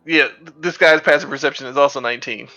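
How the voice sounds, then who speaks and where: A man playing a tabletop game, excitable and stammering through restarts. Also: mid-range voice, quick pace, lo-fi sound, soft background music. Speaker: player.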